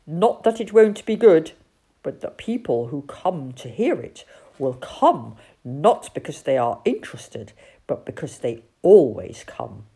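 A fussy old male owl from a storybook, solemn and lecturing, as a woman reads him. His voice sits slightly low, with a husky, breathy grain and a slow, unhurried delivery. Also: big pitch swings, warm tone, exaggerated voice.

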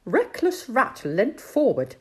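A woman reading a children's storybook aloud, expressive and lively. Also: a little high, takes it slowly, husky.

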